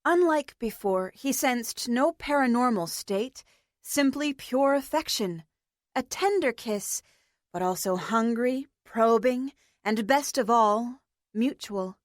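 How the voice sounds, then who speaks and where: A woman narrating an audiobook in a measured, deliberate reading. Her voice sits a little high and her pace is slow, and the sound is close and completely dry with no room around it. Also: no room sound. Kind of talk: scripted narration.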